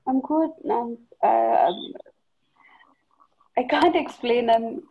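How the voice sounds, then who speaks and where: A woman caller on a group call who speaks in a hesitant, halting way as she shares how she feels. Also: a little high, creaky, husky, muffled recording, soft background music. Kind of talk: casual sharing on a call.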